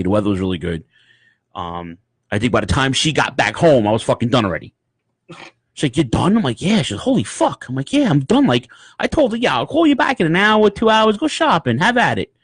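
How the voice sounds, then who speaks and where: Podcast co-host, male, cursing, animated storyteller, dry room. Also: mid-range voice, dry recording. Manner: profane, animated storyteller, acts out voices. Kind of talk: casual podcast chat, storytelling.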